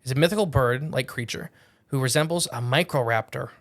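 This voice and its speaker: A man in the middle of a relaxed podcast chat, rambling through his notes with plenty of restarts and self-corrections. He keeps things jokey and loose, and his voice sits at an ordinary male pitch. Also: brisk. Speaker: podcast co-host.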